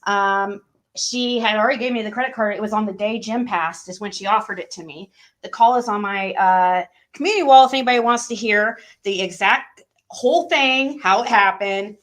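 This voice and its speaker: A woman's voice: mid-range voice, moderate pace, fairly bright tone. A woman guest on a live stream, telling her side in a rambling way and often repeating and restarting. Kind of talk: casual live-stream chat.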